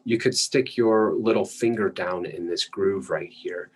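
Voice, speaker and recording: A male lecturer explaining anatomy patiently while drawing, often clearing his throat. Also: low voice, a little slow, low-quality recording.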